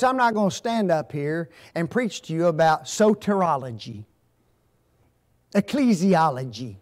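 An older man giving a folksy seminar talk in a church, telling stories and asking the audience rhetorical questions. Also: high-pitched. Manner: animated storytelling with rhetorical questions. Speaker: guest speaker at a marriage seminar. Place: church hall.

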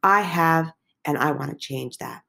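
A woman reading the lines of a calm, sensible male bartender, taken from a student's script. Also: sits low, measured pace, gravelly, heavily acted. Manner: read plainly from a student's script.

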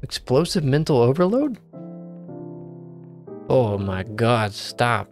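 A man's voice: medium pitch, big pitch swings, takes it slowly. A man playing a game and commenting in a playful way, joking and talking to himself. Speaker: gaming video creator. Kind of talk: let's play commentary. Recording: faint game music behind.

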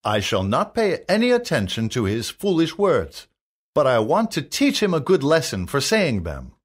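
A man's voice: a little high, huge pitch swings, moderate pace, pitched above the performer's own voice. A man reading a storybook plays a stern officer with a curt, commanding manner. The voice sits a little above the reader's own and comes out firm.

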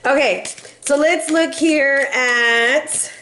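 Woman, tarot reader, high voice, playful, sassy, casual reading, faint background noise. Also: very slow, pushed and bright. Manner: sassy, playful, laughs often.

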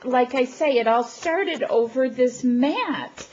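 A woman crafting vlogger, not feeling well, gushing and gasping with excitement as she opens a gift package at home and chats to the camera. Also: high voice, slow pace, muffled recording, slight background noise. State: feeling unwell. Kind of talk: excited unboxing chat to camera.

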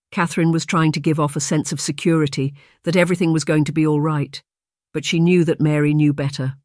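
A man narrating an audiobook in a steady, measured reading. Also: fairly high pitch, no echo, clean studio sound.

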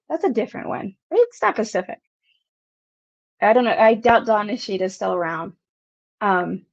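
A woman's voice: on the high side, muffled recording. A woman hosting a casual whiskey livestream, rambling with lots of giggles and casual swearing. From United States. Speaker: whiskey channel host.

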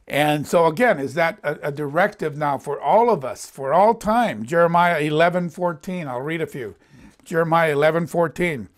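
Man in a conversational sermon, fairly high voice, reads verses and voices the quotes with emphasis. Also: expressive, moderate pace. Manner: reads scripture aloud and comments, voicing quotes with emphasis. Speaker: Bible teacher. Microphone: presenting in front of a board.

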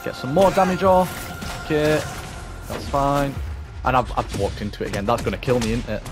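A man giving excitable gaming commentary, growing panicky and crying out during fights. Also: medium pitch, normal speed. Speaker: gamer. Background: game music.

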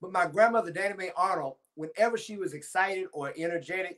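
A man's voice: sits high, expressive, fairly quick, hardly any pauses. A man, chatting to viewers on a church livestream and telling a childhood story. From Timpson, Texas. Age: 40s. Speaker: pastor. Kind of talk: casual livestream talk to viewers.

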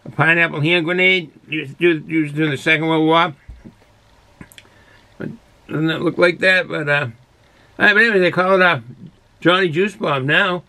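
A man's voice: a little high, steady tone, normal speed, pauses often, sharp tone. A man casually reviewing a beer on his own channel, rambling and correcting himself as he goes. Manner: rambling, self-correcting, chatty.

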